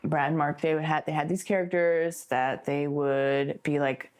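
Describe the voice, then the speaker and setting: A woman's voice: deep voice, fairly even intonation, moderate pace, a little mellow. A young woman speaking in a mockumentary-style interview, chatty and exasperated, with plenty of "like" and "um" fillers.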